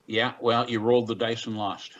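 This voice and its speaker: A man serving as hearing officer, presiding in a plain-spoken, folksy, measured way over a video call. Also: mid-range voice, little pitch movement, a bit bright, highs cut off.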